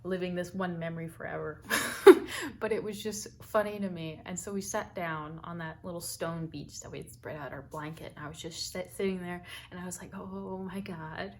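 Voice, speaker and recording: A young American woman, talkative and quick to laugh, telling a personal story in a vlog. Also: lowish voice, fairly even intonation. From United States. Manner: chatty and talkative, laughs often. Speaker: vlogger.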